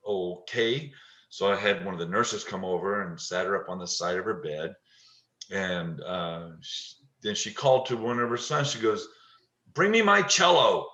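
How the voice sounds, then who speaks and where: A middle-aged man with a lowish voice tells a heartfelt story in a halting way, often repeating words as he goes, tender and moved throughout. The sound is dull and lo-fi, with a roomy echo around him, as if he is on a video call. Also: a bit bright. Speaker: touch therapy practitioner and teacher. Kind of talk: emotional storytelling interview.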